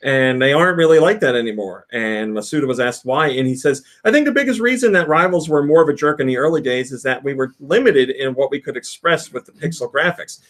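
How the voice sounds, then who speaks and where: A man's voice: mid-range voice, animated, fast, hardly any pauses, fairly bright tone. A man hosting a casual podcast, reading out news and telling stories with frequent laughs. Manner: reads out quotes and news, laughs often. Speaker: podcast host.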